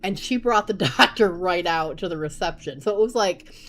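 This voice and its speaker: A young woman, a mother of small kids, telling a casual storytime vlog in a chatty, animated way and laughing often. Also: fairly low pitch, moderate pace, soft background music.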